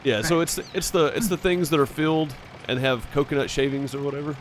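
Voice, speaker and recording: A man's voice: a little high, a little fast, slight background noise. Chatty man on a game stream. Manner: rambling, chatty, fillers and restarts. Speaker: streamer playing a farming game. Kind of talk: casual storytelling over voice chat.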